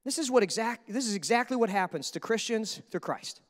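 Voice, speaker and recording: A male pastor preaching a sermon in a lively, conversational way, often checking in with "right?". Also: high-pitched, a little fast. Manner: energetic, conversational preaching with frequent "right?" asides. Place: church. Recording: echoey church hall.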